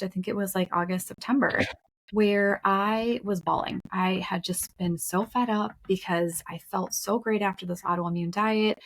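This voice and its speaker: Frank woman co-host, mid-pitched, candid storyteller with occasional cursing. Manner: frank, emphatic, casual swearing. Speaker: podcast co-host.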